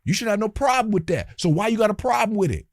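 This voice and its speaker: A man's voice: high voice, big pitch swings, quick pace, no echo. A man hosting a reaction commentary, talking in a heated, preachy, colloquial way and speaking straight to his viewers. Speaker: commentary channel host.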